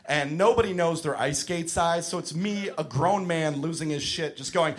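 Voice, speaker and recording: A young man doing a stand-up comedy set, telling stories with animated, exasperated yelling and plenty of swearing. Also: a little high, moderate pace, few pauses. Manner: profane. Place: comedy club stage with audience. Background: audience laughter.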